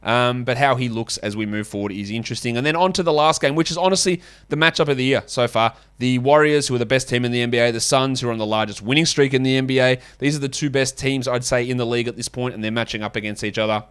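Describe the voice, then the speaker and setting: A man's voice: mid-range voice, fast talker, few pauses, a bit bright, clear, resonant tone. A man hosting a solo podcast, talking in a blunt, sweary, opinionated and casual way. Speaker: podcast host. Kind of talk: solo basketball fantasy podcast.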